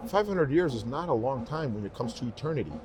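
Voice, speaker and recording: An animated man with a medium-pitched voice talks fast as an interview guest. He's a professional singer recounting heartfelt stories in casual conversation, often repeating phrases for emphasis.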